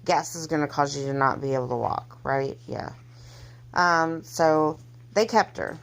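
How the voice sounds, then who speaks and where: A woman telling a personal story in a casual, halting way, with many pauses and restarts. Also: sits low, gravelly. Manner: halting, hesitant, soft-spoken delivery. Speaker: mother telling her family's story.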